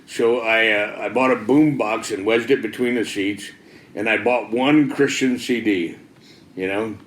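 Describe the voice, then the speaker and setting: A man's voice: on the low side, measured pace, a bit bright, roomy sound. A middle-aged man giving a personal testimony in a folksy, casual way, often saying "man" and "you know". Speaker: testimony speaker.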